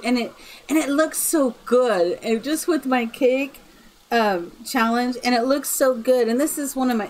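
A woman's voice: on the high side, low-quality recording. A woman streaming a game live, chatting casually and laughing through her words. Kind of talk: casual live-stream chat while gaming.

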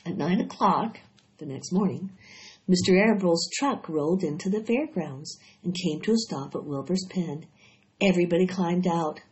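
Lady reading a kids book out loud, low-ish voice, muffled audio. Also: normal speed. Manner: steady, expressive storytelling. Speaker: audiobook reader. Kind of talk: storybook read-aloud narration. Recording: dull lo-fi recording.

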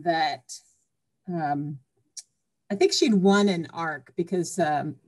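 A woman author being interviewed on a podcast, chatty and emotional, retelling stories. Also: fairly low pitch. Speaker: author guest.

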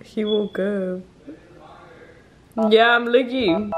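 A woman vlogging casually with her family, playful and quick to laugh. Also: on the high side, expressive. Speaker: vlogger and mom. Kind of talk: casual family vlog narration.

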